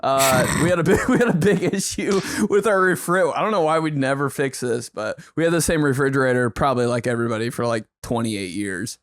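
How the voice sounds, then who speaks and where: Young man telling animated stories, dry close sound. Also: medium pitch, a little fast, few pauses, dry recording. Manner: animated storytelling, acts out his dad in raised bursts. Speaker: podcast co-host. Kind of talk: casual comedic chat.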